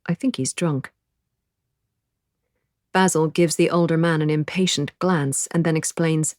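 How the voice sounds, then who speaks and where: A woman narrating an audiobook in the first person, measured and quiet. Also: low-pitched, steady tone, no echo, clean studio sound.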